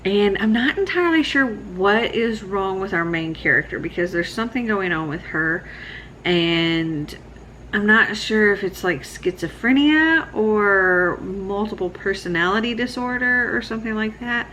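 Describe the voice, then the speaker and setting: A woman in her thirties giving a relaxed, rambling late-night book vlog check-in, sounding sleepy. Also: mid-range voice, a little slow, slight background noise, low-quality recording. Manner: relaxed, rambling, laughs often. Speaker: book vlogger.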